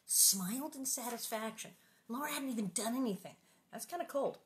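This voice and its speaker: A woman's voice: on the high side, normal speed, a little hiss or hum. A woman reading a children's book aloud and breaking off for playful, joking asides. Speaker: reader and host of the channel.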